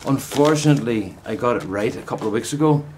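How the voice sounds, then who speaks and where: A man's voice: mid-range voice, lively intonation, fast talker, background noise. An older man, chatting casually to camera in a meandering, friendly way while working outdoors in a vegetable plot. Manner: meandering, chummy, many restarts and asides. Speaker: gardening vlogger. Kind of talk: casual rambling chat to camera.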